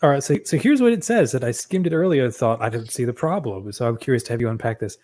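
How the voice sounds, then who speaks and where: Male podcast co-host, mid pitch, measured read-aloud delivery. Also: lively intonation, a little mellow. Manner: measured, clear reading voice. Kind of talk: casual chat and reading aloud.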